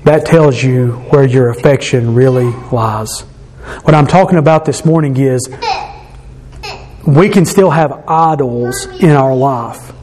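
A man's voice: mid-range voice, slow, darkish tone. A man preaching a sermon to his congregation in an earnest, conversational way, often restarting his sentences. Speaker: pastor.

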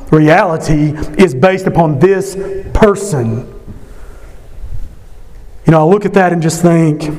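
Male pastor, somewhat high voice, fervent sermon delivery with pitch leaps on emphasis. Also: a little mellow. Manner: impassioned, voice climbing high on emphasis. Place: church service.

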